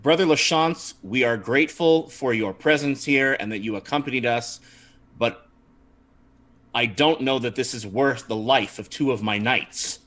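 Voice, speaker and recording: A man's voice: medium pitch, a little slow, fairly bright tone, natural voice. A man playing a stern knight captain. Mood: measured. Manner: stern, clipped commands.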